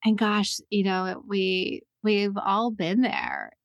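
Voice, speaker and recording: A woman's voice: mid-range voice, huge pitch swings, slow, vocal fry, no room sound, muffled recording. A woman therapist hosting a podcast, speaking reflectively about parenting in casual conversation.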